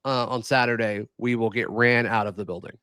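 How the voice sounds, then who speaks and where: A man's voice: mid-range voice, fairly even intonation, a little fast, pushed and bright, clean tone, no room sound. A man co-hosting a casual sports talk show, teasing his partner in a playful way. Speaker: co-host.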